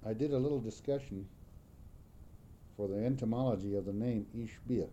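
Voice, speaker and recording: A man slowly and carefully explaining word forms, repeating each example word. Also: fairly low pitch, dark tone, muffled recording, slight background noise. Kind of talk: slow explanatory talk.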